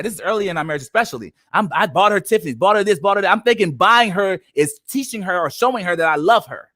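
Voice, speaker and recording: A man's voice: high-pitched, fast, few pauses, no room sound, studio quality. A man co-hosting a faith-based podcast discussion, talking in an emphatic, preaching-like way. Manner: animated, emphatic preaching-like delivery. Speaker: podcast co-host.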